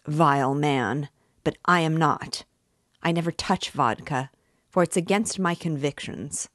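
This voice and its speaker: A man's voice: fairly high pitch, a bit bright, no room sound, clean studio sound. A woman reading aloud as an angry, short-sighted young man who insists hotly and repeats himself.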